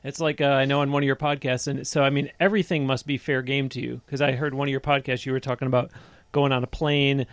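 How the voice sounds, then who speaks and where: A man's voice: mid-range voice, level tone, quick pace, no room sound. A male podcast host interviewing a guest on location and reading out a plug for the guest's work.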